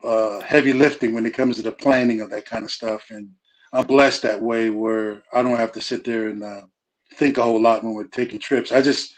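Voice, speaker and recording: A man's voice: mid-range voice, poor audio. A middle-aged man in casual conversation, talking loosely with frequent restarts and "you know" fillers. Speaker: guest speaker on family.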